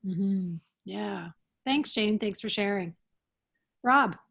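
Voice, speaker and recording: Husky-voiced woman leading a video call. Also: mid-range voice, slow pace. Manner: warm prompting, calls on each person. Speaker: workshop facilitator. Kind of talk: video call group check-in.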